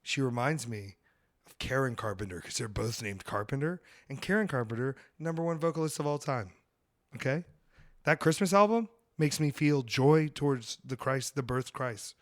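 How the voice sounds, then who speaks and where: A man hosting a podcast, chatting in a rambling comedic way and jumping into loud high outbursts. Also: expressive, moderate pace. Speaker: podcast host. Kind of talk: casual comedic chat.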